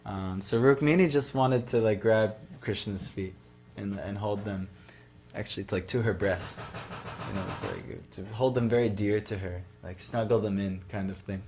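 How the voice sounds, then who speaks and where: A man's voice: lowish voice, normal speed, a little mellow, slight background noise. A man giving a devotional talk, retelling a sacred story in a loose, conversational way full of "like" and "you know". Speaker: devotional speaker.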